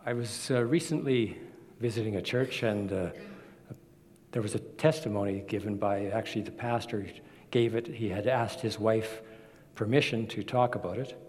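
A man's voice: on the low side, moderate pace, a little mellow. A man preaching a sermon, telling a personal story in an earnest way and acting out quotes as he goes. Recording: long hall reverb.

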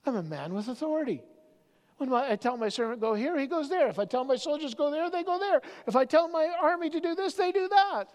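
A preacher voicing a proud male army officer who insists on his authority, speaking emphatically and climbing higher. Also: lively intonation, a little fast, darkish tone. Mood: insistent. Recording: long hall reverb.

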